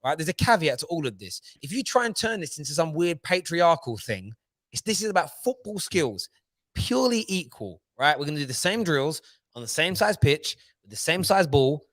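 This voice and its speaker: A man's voice: on the high side, sing-song, normal speed, a bit bright, dry recording. A man co-hosting a football fan stream, boastful and teasing, laughing often in casual banter. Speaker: co-host of a football fan show.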